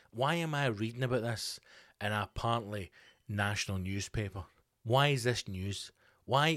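A man's voice: on the low side, a bit bright, no echo, clean studio sound. A man hosting a solo comedy podcast, ranting with rhetorical questions and swearing freely. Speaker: podcast host. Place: home studio.

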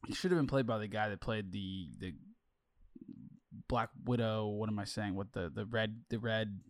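A man's voice: fairly low pitch, moderate pace, no room sound. Laid-back man on a dry podcast mic. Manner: relaxed, hesitant, many fillers and restarts. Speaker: podcast co-host. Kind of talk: casual chat.

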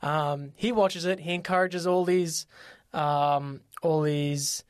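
A podcast co-host, chatting casually and telling stories in an animated way, with plenty of fillers. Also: medium pitch, slow pace, smooth, no room sound, clean studio sound. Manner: animated storyteller, lots of fillers and quoted voices. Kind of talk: casual chat.

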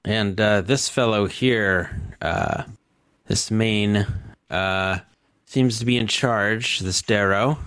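A man with a fairly low voice runs a tabletop game as its game master. He reads out scene descriptions and stops often on fillers. The sound is dry and close. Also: slow, a bit bright, clean tone, no room sound.

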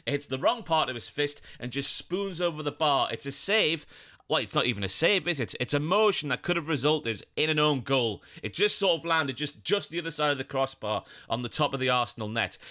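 Bright, lively football podcast host. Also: male voice, medium pitch. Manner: animated, jokey, puts on silly voices for quotes. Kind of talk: solo football podcast chat.

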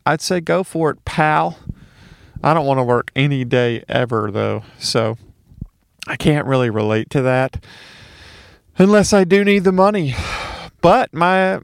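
A man's voice: a little high, gravelly, clean tone, dry recording, studio quality. A man from Mississippi with a light Southern accent, doing a casual solo comedy monologue, ranting with profane, sarcastic asides.

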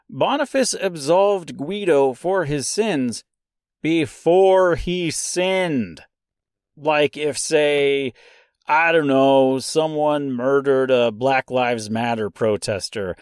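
A man hosts a casual literary podcast, wry and self-deprecating as he talks through a classic poem. His delivery is slow but lively, with a slightly high voice. The sound is dry and close. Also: no echo. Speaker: podcast host.

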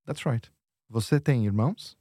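A man teaching on a lesson podcast, patiently modelling phrases slowly and encouraging the learner. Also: medium pitch, dark tone, no room sound, clean studio sound. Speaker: Portuguese teacher.

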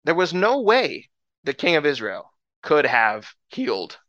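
A male preacher retelling a Bible story with obvious delight, jumping into the characters' voices as he goes. His voice is bright and pushing, slightly higher than most men's, and sits dry and close to the mic. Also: measured pace, no echo, muffled recording. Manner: animated, excited storyteller acting out characters. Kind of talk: sermon storytelling.

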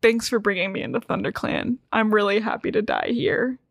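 A woman's voice: mid-range voice, fairly quick, creaky, no room sound, studio quality. A woman voicing a dying old female medicine cat in a casual retelling, blunt and swearing, barely put on. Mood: tender, blunt.

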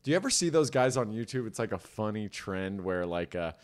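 A man's voice: fairly low pitch, expressive, brisk, clear, resonant tone. A man co-hosting a comedy podcast, rambling in casual banter and filling his talk with "like" and "you know". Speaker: podcast co-host.

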